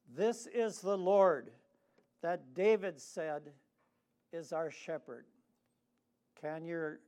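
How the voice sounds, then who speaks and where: A man preaching a sermon slowly and deliberately, with long dramatic pauses, and leading the congregation to repeat lines after him. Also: on the high side, darkish tone. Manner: leads the congregation in responsive reading.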